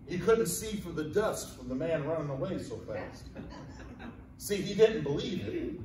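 A man's voice: fairly high pitch, animated, unhurried, slight background noise. A man preaching a sermon in a folksy, storytelling way. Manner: folksy storytelling, acting out voices in quotes. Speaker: pastor. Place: church sanctuary. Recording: echoey church room from a distant mic.

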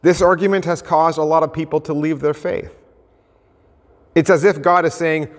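Man preaching with a slightly high voice. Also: lively intonation, unhurried, long pauses, big-room sound. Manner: conversational, illustrates points with everyday stories and role-play. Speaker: pastor. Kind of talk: sermon.

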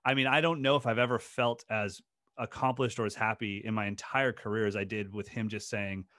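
A man's voice: on the low side, steady tone, fairly quick, a bit bright, dry recording, clean studio sound. A man who is a drum teacher, telling stories in a casual podcast interview in an earnest, passionate way with many restarts. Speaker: guest drum educator.

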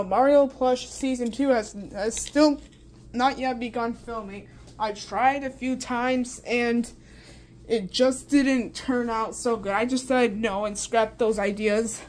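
A woman's voice: on the high side, slow pace, pauses often, darkish tone, slight background noise. A woman vlogging an unboxing, gushing and repeating exclamations over and over. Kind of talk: excited unboxing chat.

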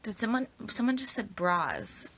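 A woman's voice: mid-range voice, sing-song, measured pace, fairly bright tone. A young woman chatting casually on a phone livestream, tired but upbeat, answering viewer comments. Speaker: actress on a livestream.

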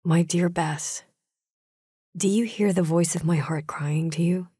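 A woman voice actor playing a lovesick noblewoman reading her love letter in a soft, breathy, whispery way. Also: lowish voice, steady tone, a little slow, no room sound, studio quality. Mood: yearning. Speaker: hired voice actor.

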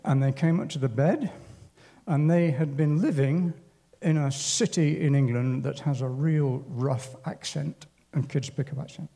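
Older man with a mellow voice. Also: on the high side, creaky. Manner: halting, unhurried, wry. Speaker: church speaker. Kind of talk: personal storytelling at a church service. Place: church hall.

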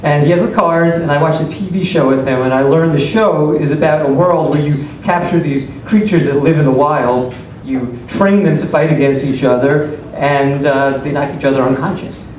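A middle-aged man doing open-mic stand-up comedy with a deadpan, exasperated observational delivery. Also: a little high, normal speed, hardly any pauses, a little hiss or hum. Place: comedy club stage. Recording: echoey club recording from a distance. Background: audience laughter.

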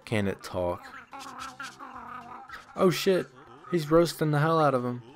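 A man's voice: a little high, big pitch swings, slow pace, over music. A man giving casual, crude, joking let's-play commentary while playing a video game, teasing the characters and mocking his own skill. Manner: joking, crude and self-deprecating.

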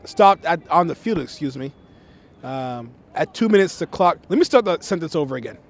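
A man doing play-by-play commentary for a local soccer game, excitable and chatty, shouting on big plays. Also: fairly high pitch, moderate pace, vocal fry. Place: press box at an outdoor soccer game.

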